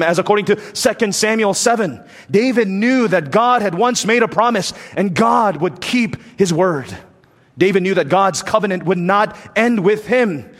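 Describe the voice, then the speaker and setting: A man preaching a sermon emphatically, letting his voice rise and fall for emphasis. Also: sits high. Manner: emphatic preaching, rising and dropping for effect. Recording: long reverb from a large hall.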